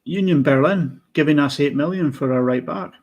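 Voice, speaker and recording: A man chatting football on a podcast in a blunt, opinionated way. He talks with animated swings and firm views. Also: fairly high pitch, normal speed, lo-fi sound. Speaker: podcast co-host. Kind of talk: casual football chat.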